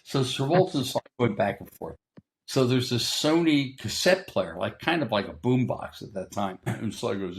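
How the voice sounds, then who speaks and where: An older man, a guest in an interview, telling a story in a casual, animated way and acting out what other people said. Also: mid-range voice, moderate pace.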